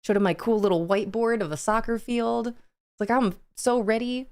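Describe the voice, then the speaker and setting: A young adult woman chats casually on a live stream, greeting viewers by name and laughing often. Her voice sounds smooth and clear, sitting at an ordinary middle pitch for a woman. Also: brisk, a little mellow.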